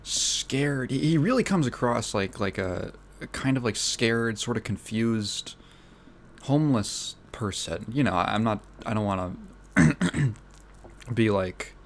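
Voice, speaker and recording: A man hosting a casual solo podcast, rambling with many fillers and restarts, his throat phlegmy so he keeps clearing it. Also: medium pitch, expressive, slow pace, a little hiss or hum. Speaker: podcast host.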